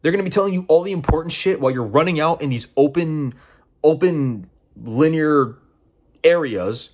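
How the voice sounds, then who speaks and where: A man's voice: mid-range voice, slightly rough. A young man giving casual game commentary, exasperated and profane, often incredulous. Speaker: game reviewer.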